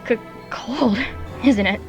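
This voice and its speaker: A gentle, playful old tomcat, as a woman reader puts him on, speaking softly and teasingly. Told as a storybook over quiet music. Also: mid-range voice, wildly swooping pitch, moderate pace, long reverb tail, highs cut off.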